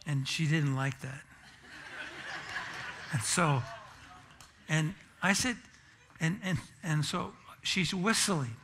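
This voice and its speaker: A man's voice: a little high, steady tone, takes it slowly, pushed and bright. A pastor preaching a sermon in church and telling a self-deprecating, humorous story about his family.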